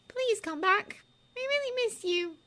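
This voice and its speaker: A woman voicing a fierce teenage schoolgirl witch who talks in a shrill, defiant way. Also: animated, a little slow, sharp tone, full character voice. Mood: pleading.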